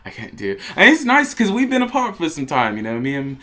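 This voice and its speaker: A man chatting away as a vlog co-host, rambling and profane with frequent giggles. His voice bounces around a lot, with a bright, sharp tone. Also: on the high side, wildly swooping pitch, quick pace. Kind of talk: casual storytelling.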